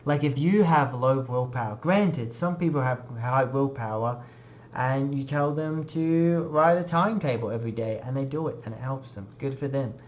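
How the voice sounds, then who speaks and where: A man's voice: medium pitch, normal speed, slight background noise. A young man giving a casual, earnest personal testimony in a web class, rambling with many fillers.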